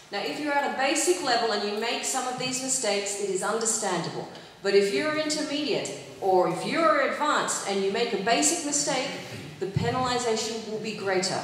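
A woman's voice: fairly high pitch, fairly bright tone. Woman teacher in an echoey hall. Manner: clear and instructive, checking in with "okay?". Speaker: English teacher. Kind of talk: giving exam advice to students. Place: large hall with an audience. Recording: echoey hall, faint noise.

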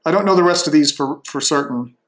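A man thinking aloud as he slowly works through a demonstration, tentative and musing, with frequent restarts. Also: on the high side, a bit bright.

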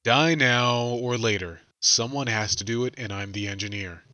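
A man playing a gruff spaceship engineer. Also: lowish voice, measured pace. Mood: resigned. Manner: quiet, wavering resolve. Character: gruff human spaceship engineer, resigned and steady. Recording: distant, as if over a hissing security recording.

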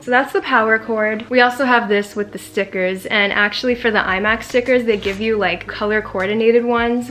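A woman's voice: mid-range voice, fairly bright tone, echoey room. A young woman chatting in a casual unboxing vlog, bubbly and giggly with lots of fillers. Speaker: vlogger. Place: home room with a desk.

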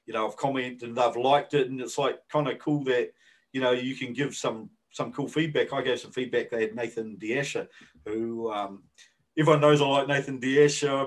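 On a podcast, a male co-host with a New Zealand accent and a mid-range voice chats casually. He rambles and hesitates, using lots of fillers, and the recording is rough.

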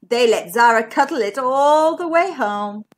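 A woman reading a children's picture book aloud in a slow, sing-song, expressive way. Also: high-pitched. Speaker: children's storyteller.

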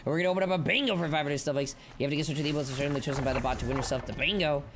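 A man streaming a video game live, playful and goofy, chanting silly lines and shouting at the game. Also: on the high side, steady tone, rapid-fire, very noisy. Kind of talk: live-stream gameplay commentary. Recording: game music playing behind.

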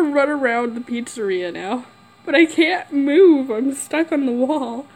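Here a female gamer narrates a horror game let's play, chatting to herself, skittish and on edge, with squeals and giggles. She has a high, animated voice with an unhurried pace and darkish tone, captured roughly on a camera mic.

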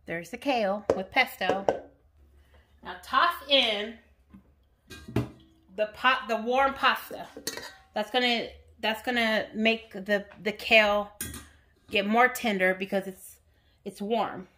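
A woman's voice: mid-range voice, takes it slowly, pauses often, music in the background. A woman vlogger chatting casually to viewers while cooking in her home kitchen. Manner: chatty, talks straight to viewers.

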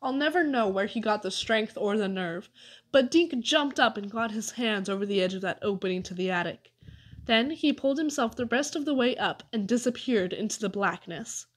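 A woman narrating a children's story aloud with an expressive reading. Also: fairly high pitch, normal speed. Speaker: audiobook reader.

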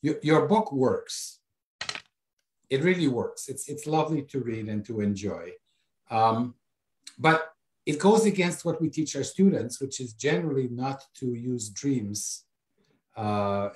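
A man interviewing an author, asking his questions haltingly and often repeating words as he begins. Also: mid-range voice, a little mellow. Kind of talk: interview questions over a video call. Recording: echoey room.

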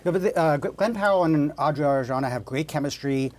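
A man's voice: on the high side, fast, a little mellow, a little hiss or hum. A man on a film critics' panel who bluntly disagrees with the others. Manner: blunt, argues against the others. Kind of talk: panel film review chat.

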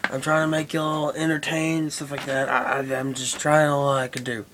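A man's voice: fairly high pitch, level tone, normal speed, noisy background. A young man rambling casually and profanely to his camera, with lots of fillers. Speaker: vlogger. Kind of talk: casual vlog chat.

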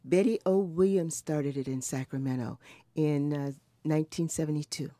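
A woman's voice: low voice, moderate pace, dark tone, dry recording. A woman in her seventies, recalling her mother and grandmother in an earnest, reflective way, often restarting her sentences. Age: 70s. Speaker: interviewee. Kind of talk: recorded oral history conversation.

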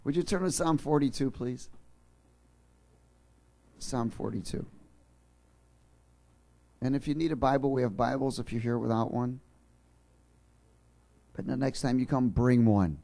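A man preaching a sermon in church, joking with the congregation and then building to fervent, shouted passion. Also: mid-range voice, unhurried, gravelly, pauses often. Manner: jokey, rising to fervent shouting. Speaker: pastor.

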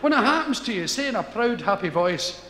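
A Scottish man telling a rambling stand-up story, acting out people with loud, high voices. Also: sing-song, fairly quick, heavy background noise. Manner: rambling storyteller who acts out characters with shouted, high-pitched voices. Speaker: stand-up comedian. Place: large concert hall before a laughing audience. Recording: echoey live hall with audience laughter.

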